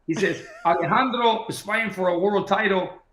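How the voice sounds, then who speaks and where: High-voiced man telling a boxing story. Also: moderate pace, roomy sound, low-quality recording. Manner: animated anecdote-telling, acting out quoted dialogue. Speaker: boxing trainer. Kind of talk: casual storytelling.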